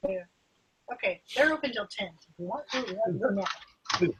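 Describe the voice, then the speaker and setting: Bright-voiced woman, brisk and teasing. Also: mid-range voice, lively intonation, husky, poor audio. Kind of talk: casual stream chat.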